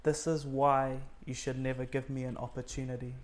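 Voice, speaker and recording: A man's voice: medium pitch, level tone, normal speed. A man, earnestly telling a personal faith story in conversation and acting out the words people said. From New Zealand. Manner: earnest, acts out his own and others' quoted words, many fillers. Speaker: guest sharing a faith testimony.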